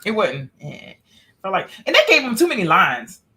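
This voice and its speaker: A woman's voice: mid-range voice, huge pitch swings, moderate pace, sharp tone. A woman co-hosting a casual film discussion podcast, chatty, laughing often and talking straight to viewers. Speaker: podcast co-host.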